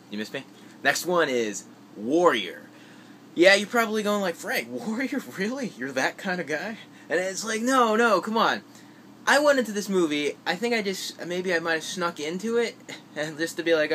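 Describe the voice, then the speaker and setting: A young man talking casually to camera about films, chatty and animated, sometimes mimicking a viewer's questions. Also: mid-range voice, slight background noise. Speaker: vlogger. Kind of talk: casual movie-list vlog.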